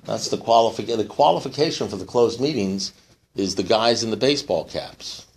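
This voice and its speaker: A man speaking at a recovery meeting, telling a long joke and acting out the characters in a rising, excited voice. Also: lowish voice, normal speed, slight background noise. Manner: animated storyteller, acts out characters in rising voice.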